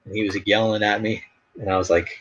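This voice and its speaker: An artist hosting a live stream chats casually, telling rambling stories packed with fillers. His voice is fairly low, a bit bright and breathy, with fairly even intonation and a fast pace, heard through dull lo-fi stream audio.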